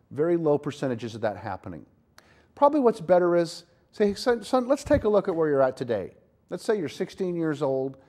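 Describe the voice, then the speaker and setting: A man's voice: fairly high pitch, warm tone. A middle-aged man hosting a talk show, giving earnest, folksy parenting advice with frequent restarts.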